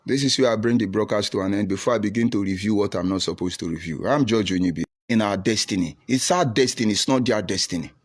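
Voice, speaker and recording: A man's voice: lowish voice, fast talker, hardly any pauses. A man with a Nigerian accent giving preachy, taunting livestream commentary while reading out viewer comments.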